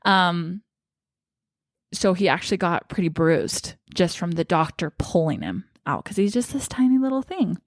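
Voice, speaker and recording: A woman's voice: lowish voice, lively intonation, moderate pace, no echo, clean studio sound. A young woman vlogger telling a personal story in a chatty, emotional way, acting out what others said. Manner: emotional, chatty, acts out quoted dialogue.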